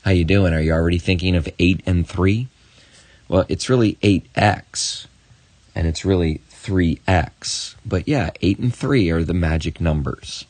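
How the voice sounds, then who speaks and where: A man teaching a math lesson on video, encouraging and talking straight to the student with quick asides. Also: low voice, darkish tone, no room sound.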